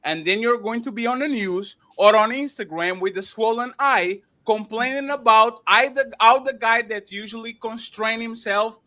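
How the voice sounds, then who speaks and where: A man's voice: extremely high pitch, normal speed, hardly any pauses, pushed and bright. Man arguing emphatically in a debate. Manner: interrupting, emphatic, repeats himself. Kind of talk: heated debate.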